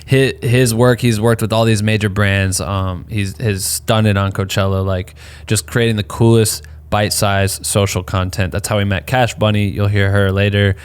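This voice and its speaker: A man co-hosting a podcast, talking in an excited, casual way with plenty of swearing. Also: fairly low pitch, moderate pace, few pauses, clean tone. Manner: hyped, profane, enthusiastic. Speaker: podcast co-host.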